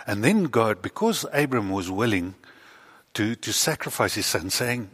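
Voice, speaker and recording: Animated, playful man preaching. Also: fairly low pitch, unhurried, breathy edge, long reverb tail. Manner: playful, animated storytelling with sudden loud bursts. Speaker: pastor. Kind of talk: children's sermon with a volunteer. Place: church.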